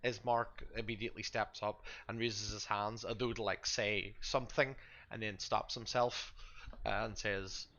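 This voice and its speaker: A man's voice: fairly low pitch, fairly even intonation, normal speed, bright, forceful tone, muffled recording. A man narrating as game master in a casual way, with fillers like "like" and "uh".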